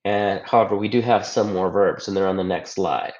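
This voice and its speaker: A man's voice: deep voice, fairly even intonation, brisk, darkish tone. A man teaching a recorded grammar lesson over slides, patient, going step by step and checking in with the listener. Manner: patient, explains step by step, often checks with "right?". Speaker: Spanish teacher. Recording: echoey room, dull lo-fi sound.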